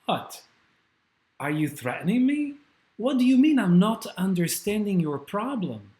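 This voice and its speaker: A man's voice: high-pitched, sing-song, unhurried, darkish tone, reverberant, pitched above the performer's own voice. A man reading as a doting elderly woman with her plants. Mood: indignant. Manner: doting, bickering with plants that answer back. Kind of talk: dramatic script reading.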